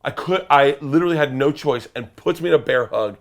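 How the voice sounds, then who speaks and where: Male interview guest, animated storyteller, mid-pitched, gets loud and excitable, swears freely. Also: fairly quick. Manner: loud, excitable, swearing, breaks into shouted quotes.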